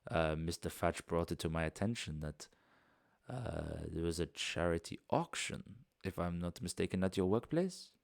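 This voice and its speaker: A man's voice: deep voice, animated, creaky, no echo, studio quality. A man doing a gracious foreign estate host. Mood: polite. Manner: courteous, halting, searching for words.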